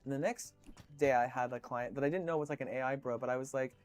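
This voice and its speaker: A man's voice: medium pitch, fast, faint music behind. A man streaming, chatting casually with viewers, telling rambling stories full of swearing and fillers.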